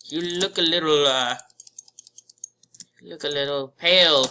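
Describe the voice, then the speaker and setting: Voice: mid-range voice, measured pace, pushed and bright, clean tone. A gamer giving playful live commentary over their gameplay and calling out at the game.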